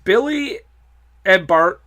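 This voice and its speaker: Bright-voiced man recapping sarcastically. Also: sits high, expressive, takes it slowly. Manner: sarcastic, recapping events with laughs. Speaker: podcast host. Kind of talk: casual chat.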